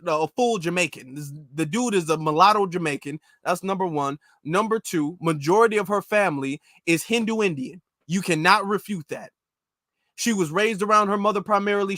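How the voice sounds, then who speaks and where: A man's voice: high voice, a bit bright, dry recording. A man giving opinionated commentary on a close mic, talking in an incredulous, repetitive, ranting way. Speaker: commentary vlogger.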